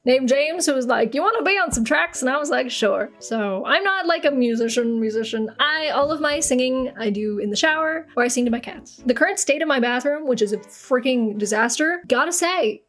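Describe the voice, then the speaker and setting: A woman's voice: high voice, animated, brisk, few pauses. A young woman YouTuber answers viewer questions in casual chat, joking and slipping into silly put-on accents. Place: large echoey room at home. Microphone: desk mic. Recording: roomy home recording with faint music.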